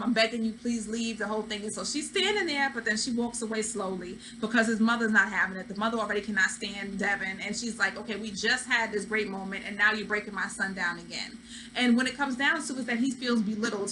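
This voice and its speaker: A woman's voice: mid-range voice, fast, bright, forceful tone, a little hiss or hum, low-quality recording. A woman hosting a reality TV recap, talking in a casual, opinionated way and acting out what people said. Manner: chatty, opinionated, acts out quotes. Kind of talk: casual commentary.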